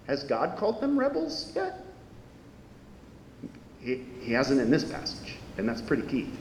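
A man preaching a sermon in a lively, conversational way, full of questions to his listeners. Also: a little slow. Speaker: pastor. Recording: echoey hall with faint rumble.

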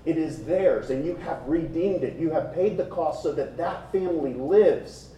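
Animated preacher with a very dark voice. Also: male voice, on the high side, a little hiss or hum. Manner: animated, conversational preaching with rhetorical questions. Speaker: pastor. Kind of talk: expository sermon. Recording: very echoey room, speaker distant from mic.

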